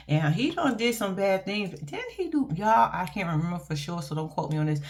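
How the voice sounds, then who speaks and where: A woman giving a casual, profane and animated reaction vlog about a reality TV show, speaking. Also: medium pitch, a little fast, few pauses. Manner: blunt, profane, animated and laughing. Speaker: reality TV commentator.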